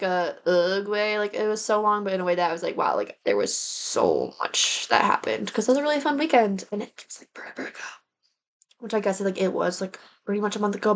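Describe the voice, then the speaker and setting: A woman's voice: medium pitch, a bit bright. A young woman in her twenties chatting casually to camera in a rambling monthly recap, full of "like" and "um". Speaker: vlogger.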